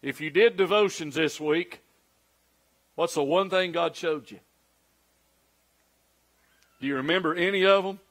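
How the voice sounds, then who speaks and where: A man's voice: a little high, a little slow, long pauses, fairly bright tone. A man, a pastor preaching a conversational sermon full of rhetorical questions.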